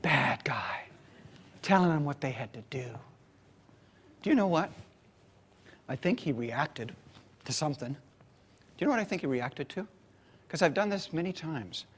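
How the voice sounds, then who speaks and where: A man giving a storytelling keynote to a conference audience, dramatic, swinging from whispers to loud bursts. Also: a little high, lively intonation, moderate pace, long pauses, breathy edge, big-room sound. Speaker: motivational keynote speaker.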